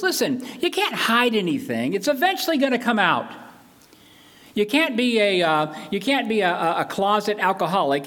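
A man's voice: high voice, a bit bright. Earnest older man preaching. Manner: earnest, emphatic, with repeated phrases. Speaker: pastor. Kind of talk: sermon.

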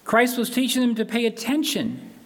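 A man's voice: very high voice, sing-song, moderate pace, gravelly, fairly bright tone. An older man preaching a sermon as pastor, earnest and emphatic, repeating key phrases.

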